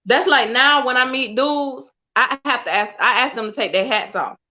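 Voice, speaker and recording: A woman's voice: high voice, moderate pace, sharp tone. A woman who is a guest on a live podcast, joking bluntly and teasing the host. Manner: blunt, teasing, frank about dating. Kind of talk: casual live podcast banter. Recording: dull lo-fi stream audio.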